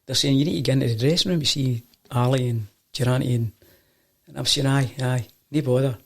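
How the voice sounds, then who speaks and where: A Scottish football coach rattling through an anecdote in quick speech. His voice is gravelly, and he acts out the people he quotes. The tone is casual and chatty. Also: mid-range voice. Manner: animated anecdote-telling, acting out quoted voices. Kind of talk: casual storytelling.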